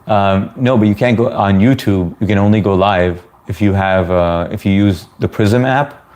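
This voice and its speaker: An American man live-streams, chatting easily with his viewers as he answers their messages. His voice sits fairly low and has a slightly mellow quality, and he speaks at a moderate pace, relaxed and talkative.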